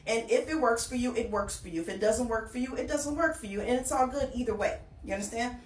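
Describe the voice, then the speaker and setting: A woman's voice: a little high, fast talker, recorded from a distance. A woman casually walking through a mortgage example, often checking in with her listeners as she goes. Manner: conversational, checks in with "okay?" often. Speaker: financial educator. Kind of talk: casual explainer walkthrough. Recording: echoey room, voice off-mic.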